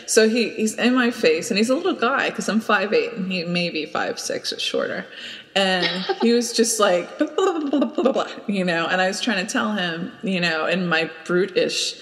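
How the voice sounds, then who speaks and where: A woman's voice: medium pitch, fairly bright tone, long reverb tail. A woman hosting a podcast, chatting casually and telling a story with lots of laughter. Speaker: podcast host. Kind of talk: casual chat and anecdote.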